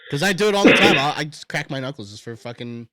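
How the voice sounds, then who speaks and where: Profane, joking podcast host. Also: male voice, a little high, animated, fast talker, sharp tone, no room sound, studio quality. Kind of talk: casual podcast chat.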